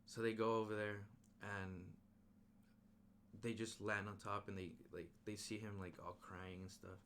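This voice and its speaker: A young man recapping a film in a casual, excited ramble, full of slang and fillers. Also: lowish voice, a little slow, slight background noise. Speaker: movie reviewer.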